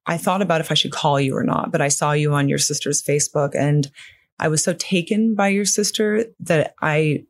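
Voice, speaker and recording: A middle-aged woman talking as a podcast guest, in a halting way full of "you know" fillers. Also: deep voice. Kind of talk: conversational interview.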